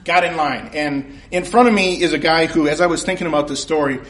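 A man's voice: a little high, a little fast, fairly bright tone. A man telling a comic, self-mocking story on stage at a convention, laughing at his own jokes. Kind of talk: live comedic storytelling. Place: convention stage before a live audience.

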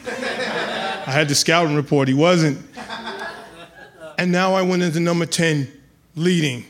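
Animated man telling a story on stage. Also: fairly high pitch, unhurried, crowd noise. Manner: animated, builds to loud excited outbursts. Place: live venue with audience.

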